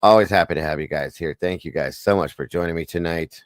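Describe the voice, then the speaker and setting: Low-voiced man chatting on a livestream. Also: quick pace, no echo, studio quality. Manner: chatty, greets viewers by name. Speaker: livestream host. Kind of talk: casual livestream chat.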